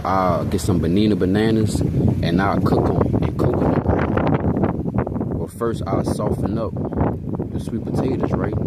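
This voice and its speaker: A man's voice: deep voice, heavy background noise. A young man from Hawaii telling rambling, profane, slangy stories in a casual vlog, constantly checking in with his listeners. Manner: rambling, slangy, profane, keeps checking in with "you know what I'm saying". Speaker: vlogger. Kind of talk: casual storytelling monologue.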